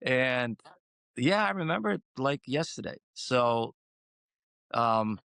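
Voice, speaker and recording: A man chatting as an interview guest, rambling and animated. His voice sits at a mid pitch and sounds dry and close, with no room around it. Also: slow pace, gravelly, smooth, dry recording. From Croatia. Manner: animated, rambling, acts out quotes with swings in pitch. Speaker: guest singer. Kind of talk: casual interview storytelling.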